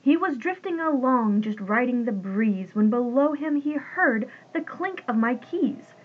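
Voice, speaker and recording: High, slow woman reading rhyming story. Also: animated, breathy edge, narrow, tinny audio. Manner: sing-song rhyming delivery. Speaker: reader. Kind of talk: rhyming storybook read-aloud.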